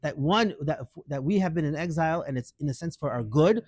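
A middle-aged man teaching a lively Torah class, acting out quoted voices and mixing Hebrew into English. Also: on the high side, brisk, no room sound.

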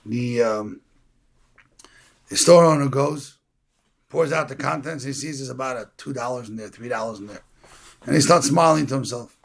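A man giving a sermon, telling a story and acting out the characters with a gravelly, husky voice. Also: medium pitch, normal speed, long pauses. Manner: animated storytelling, acts out the characters. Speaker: preacher.

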